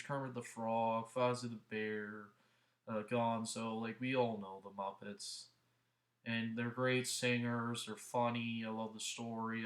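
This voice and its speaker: A man's voice: lowish voice, fairly bright tone. A man hosting a casual movie review vlog, talking earnestly in a rambling way with many restarts, into a headset mic.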